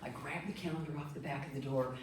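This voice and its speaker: A middle-aged woman from Michigan, speaking as a guest speaker to a group, telling a personal story in a lively, animated way and acting out the quotes. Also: extremely low pitch, fast talker. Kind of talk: storytelling talk. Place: meeting room. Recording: echoey room, distant mic.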